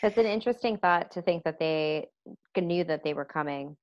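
A woman's voice: on the low side, brisk, dry recording, highs cut off. A woman chatting casually, laughing and agreeing as she listens to a story being read. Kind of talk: casual chat.

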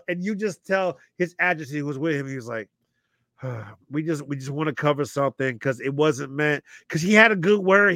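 A man co-hosting a podcast, telling a story in a lively way, laughing often and acting out what people said. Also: high-pitched, no echo, clean studio sound. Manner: animated storyteller, laughs often, acts out quotes. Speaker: podcast co-host. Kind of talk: casual chat, storytelling.

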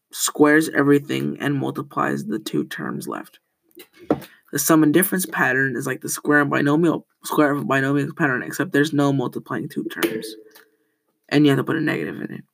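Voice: mid-range voice, lively intonation, moderate pace, vocal fry, rough recording. A teenage student hosting a casual school podcast, rambling, often correcting themselves and telling corny jokes.

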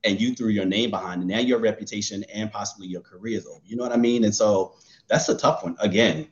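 A man co-hosting a casual podcast chat, animated and often laughing as he acts out what he would say. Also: lowish voice, quick pace, dull audio. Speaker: co-host.

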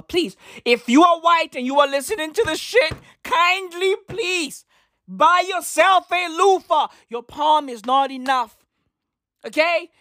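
A woman delivering a comedic rant to camera, loud and profane, with shouted bursts and slang asides. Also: sits high, no room sound, studio quality. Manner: heavy use of slang asides. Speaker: commentator.

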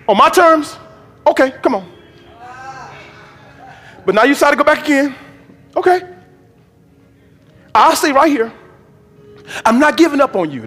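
High-pitched preacher man in a ringing hall. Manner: swings from low murmurs to shouted, drawn-out exhortation; repeats phrases in a rhythmic, call-style preaching cadence. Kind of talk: sermon. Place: church hall.

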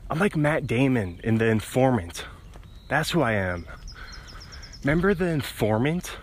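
A young man hosts a solo podcast while walking beside a road, phone pressed to his ear. He meanders, interrupts himself and laughs at his own tangents, his mid-range voice carrying a little hiss or hum.

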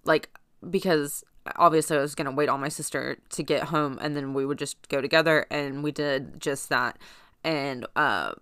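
A young woman with a lowish voice tells a personal story off the cuff. She is blunt and swears freely, rambling with plenty of fillers and restarts. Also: moderate pace, fairly bright tone, smooth, no room sound, clean studio sound.

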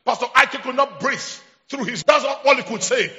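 Shouting high-voiced Nigerian bishop. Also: male voice, expressive, moderate pace, muffled recording. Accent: Nigerian English. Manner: shouting, call-and-response, repetitive. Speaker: bishop preaching. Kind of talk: charismatic sermon.

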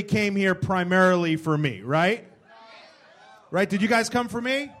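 A man's voice: high-pitched, expressive, unhurried. Teasing man hosting a live show. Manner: loud hype-man introductions, teasing banter. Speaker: podcast co-host. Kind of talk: live comedy club podcast show. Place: comedy club stage with live audience.

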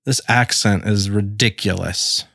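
A man's voice: fairly low pitch, unhurried, vocal fry, a bit bright, husky, dry recording, clean studio sound. A man co-hosting a casual podcast, emphatic and indignant, repeating himself for effect. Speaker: podcast co-host. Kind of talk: casual chat.

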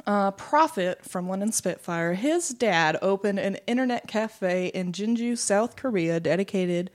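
A woman's voice: mid-range voice, lively intonation, unhurried. A woman co-hosting a casual gaming podcast, reading out news and schedules with joking asides. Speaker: podcast co-host. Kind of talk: casual esports podcast chat.

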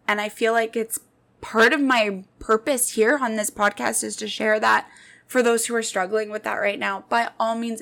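Her tone is sharp and her voice fairly high as this late-twenties woman hosts her own podcast. She addresses listeners directly, offering personal stories in an earnest, heartfelt monologue.

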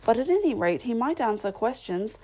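Lady reading as a polite curious little girl, high pitched, prim and proper, storybook voice. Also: sing-song, fairly quick, mellow, low-quality recording. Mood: prim, exasperated. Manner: prim and well-mannered, growing exasperated. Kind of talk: audiobook reading.

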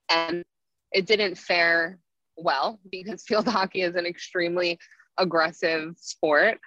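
A woman's voice: fairly low pitch, pushed and bright, dry recording. A young woman, a yoga teacher telling stories in a casual interview, full of "like" fillers. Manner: chatty, frequent "like" fillers. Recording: dull lo-fi sound.

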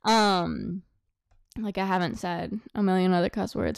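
Blunt, animated young woman podcaster. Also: fairly low pitch, a little fast, creaky, clean tone, no room sound, clean studio sound. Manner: animated, blunt and jokey, moving around the mic. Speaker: podcast host. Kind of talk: casual solo podcast monologue. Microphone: desk microphone, voice drifting near and far.

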